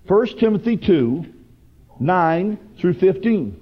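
Fervent high-voiced preacher man. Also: big pitch swings, slow, breathy edge. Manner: fervent, rising to loud emphatic preaching. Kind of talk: sermon. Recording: dull lo-fi broadcast recording.

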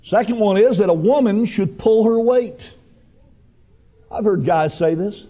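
A man preaching a sermon with fervent, emphatic delivery that rises to loud bursts. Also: high-pitched, lively intonation, normal speed. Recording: dull lo-fi broadcast recording.

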